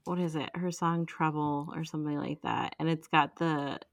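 Low, gravelly-voiced woman chatting. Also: fairly even intonation, normal speed, dry recording, studio quality. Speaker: podcast co-host. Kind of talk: casual chat.

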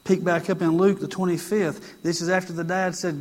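Male pastor, high voice, conversational sermon with heavy repetition. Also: flat delivery, moderate pace, few pauses. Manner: conversational preaching with emphatic repetition.

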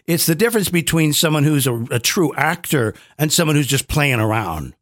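A middle-aged man, a guest who works as an advertising voice actor, shares opinions in conversation with a fairly high, expressive voice whose pitch swings widely. He talks briskly and emphatically, restarting sentences often and acting out quotes as he pushes his points. The recording is dry and close.

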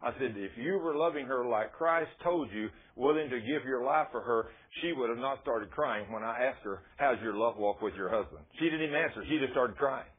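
A man's voice: mid-range voice, normal speed, hardly any pauses, breathy edge. A man preaching a sermon, telling stories and acting out both sides of conversations with people he prayed for. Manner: storytelling, acting out dialogues. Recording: tinny phone-like radio broadcast.

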